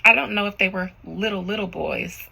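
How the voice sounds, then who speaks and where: Gravelly, sharp-voiced woman tarot reader. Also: medium pitch, normal speed, poor audio. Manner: rambling, slangy, talks to viewers directly. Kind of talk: casual spiritual reading vlog.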